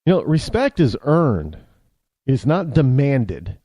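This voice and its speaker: An American man hosting a talk show, delivering a rambling opinion monologue full of halting restarts. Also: medium pitch, sing-song, dark tone, dry recording. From United States.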